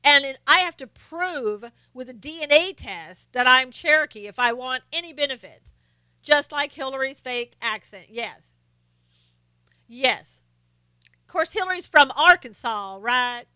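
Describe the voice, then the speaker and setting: A woman with a faint Southern accent hosts a casual live stream, reading viewer comments aloud and chatting. Her voice sits high and crisp, with a smooth, clear tone. She laughs easily, and the sound is dry and close. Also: sharp tone, no room sound. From North Carolina, US. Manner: chatty, laughs often, slows down to mimic quotes.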